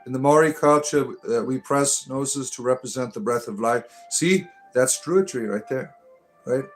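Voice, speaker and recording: A man's voice: medium pitch, moderate pace, soft background music. A middle-aged man hosting a casual livestream, answering chat with irreverent jokes and mock-preachy asides.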